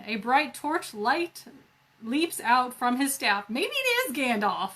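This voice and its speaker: A woman reads a choose-your-own-adventure book aloud for a library storytime. Her voice is high and bright. She often breaks off for playful, self-mocking jokes. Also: expressive, unhurried. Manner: playful asides, laughs at herself.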